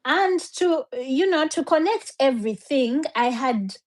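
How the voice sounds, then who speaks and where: Slow-talking woman guest, high voice. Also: lively intonation. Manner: hesitant, restarts, mixes in German words. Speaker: interview guest. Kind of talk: casual storytelling.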